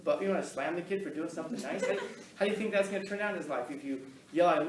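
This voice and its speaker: A man's voice: on the high side, racing, distant mic, a little hiss or hum. A man giving a casual talk to an audience, telling stories in a rambling, conversational way with frequent laughs and restarts. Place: room with an audience, recorded on camera. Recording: echoey room, voice from off-mic, faint ambience.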